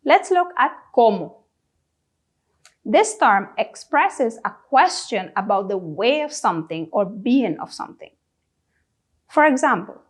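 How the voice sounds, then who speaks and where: Fairly high-pitched and very animated, this woman from Guyana leads a classroom-style language lesson. She works through the question words one at a time, stopping after each for the listener to repeat.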